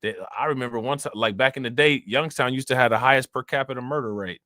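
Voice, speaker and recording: Hosting a casual livestream, a man with a Northeast Ohio accent rambles in loose, profane slang while answering viewers. He talks fast, with a medium pitch and a bright, forceful tone. The studio sound is clean, with no echo.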